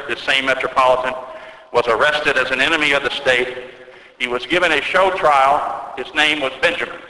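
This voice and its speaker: A man preaching an earnest sermon as an Orthodox priest, telling a story and slowing down to stress key words. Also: mid-range voice, bright, forceful tone. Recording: echoey church with long reverb.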